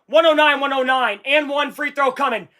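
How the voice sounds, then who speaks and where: A live streamer calling a basketball game as an excitable fan, swinging from low muttering to shouting and swearing. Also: moderate pace. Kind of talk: live fan watch-along commentary.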